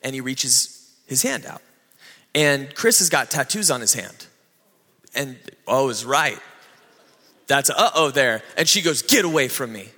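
Male pastor, sermon storyteller; bright tone, reverberant hall. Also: medium pitch, animated, a little slow, pauses often. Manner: storytelling, acting out quoted dialogue.

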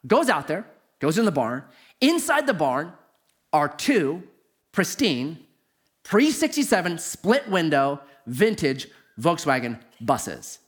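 A middle-aged man preaching a sermon, telling stories with lively swings from high to low. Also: slow. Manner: animated storytelling, swoops from high to low. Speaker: pastor.

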